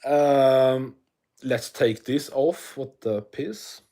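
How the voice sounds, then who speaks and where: A man's voice: mid-range voice, extremely slow, mellow. A Swedish man with a Swedish English accent, chatting casually and profanely on an MMA livestream while reading chat aloud. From Sweden.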